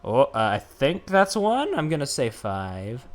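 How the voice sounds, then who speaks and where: A man casually commenting while streaming a puzzle game, chatty and quick to laugh. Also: mid-range voice, wildly swooping pitch, soft background music.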